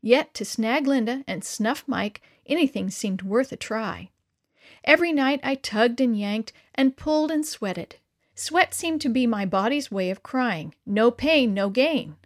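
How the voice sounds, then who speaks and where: A woman narrating a first-person children's story with an expressive, wry delivery. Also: a little high, unhurried.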